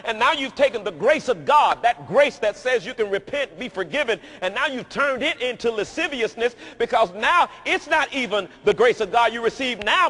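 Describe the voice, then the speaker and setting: A man preaching a sermon in a large dome, emphatic and repetitive, rising to shouts. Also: extremely high pitch, lively intonation, moderate pace, hardly any pauses. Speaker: pastor.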